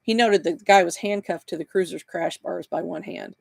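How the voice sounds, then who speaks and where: A man reading his own novel aloud with steady, plain narration. His voice is gravelly, and the recording is close and dry. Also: high-pitched, brisk, no room sound. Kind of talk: live book reading.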